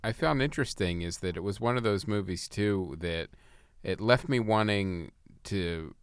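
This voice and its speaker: A man co-hosting a podcast, chatting casually about films with easygoing, quick asides. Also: on the low side, smooth, no room sound, studio quality. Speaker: podcast co-host. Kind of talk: casual film chat.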